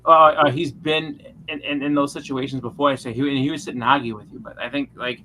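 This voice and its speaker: A man's voice: medium pitch, level tone, brisk, bright, forceful tone, a little hiss or hum, low-quality recording. A man telling a story in loose, rambling group chat, full of filler words and restarts.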